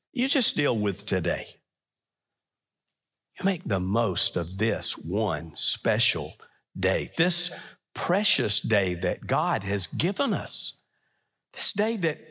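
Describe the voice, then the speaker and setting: A man preaching a sermon as pastor in a church, emphatic, swinging between loud stresses and hushed lines. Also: high-pitched, in a large hall.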